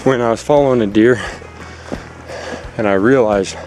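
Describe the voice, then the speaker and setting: A man's voice: mid-range voice, normal speed, a little mellow, faint music behind. A man out of breath on a hunting trip, talking to the camera in a rambling, anxious way with lots of fillers, recorded outdoors on a handheld camera. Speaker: hunter vlogging outdoors. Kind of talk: casual vlog to camera. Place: outdoors in a forest clear cut. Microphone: handheld camera held close.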